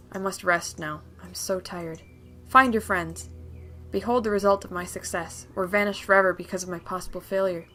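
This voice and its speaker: A woman voicing an ancient, weary tree spirit in a video game, speaking slowly and solemnly. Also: mid-range voice, close to an everyday voice. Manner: slow, hushed, solemn.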